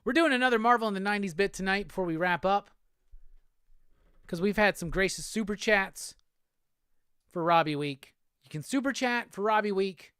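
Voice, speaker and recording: This livestream host from the Southern United States has a high, bright, forceful but clean voice, speaking at normal speed with long pauses. He reads viewer comments in a casual, profane, easygoing manner and laughs a lot. The studio recording is clean and echo-free.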